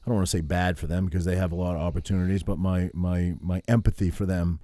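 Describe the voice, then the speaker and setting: A man's voice: sits low, little pitch movement, fast talker, warm tone, dry recording. A middle-aged man from Maine, co-hosting a podcast and talking things over in a reflective, easy way. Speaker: podcast co-host. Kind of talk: casual chat.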